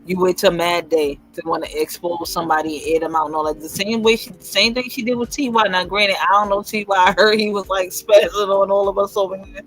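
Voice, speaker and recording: A man's voice: high voice, brisk, hardly any pauses, a bit bright, rough recording. A man hosting a casual livestream chat, gossipy and laughing often as he acts out what others said. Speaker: host.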